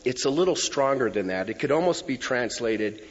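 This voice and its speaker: Preacher, male, husky, lively delivery, dull lo-fi hall recording. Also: medium pitch, normal speed. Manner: expressive preaching with emphatic asides. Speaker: pastor. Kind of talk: sermon. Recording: reverberant hall, dull lo-fi sound.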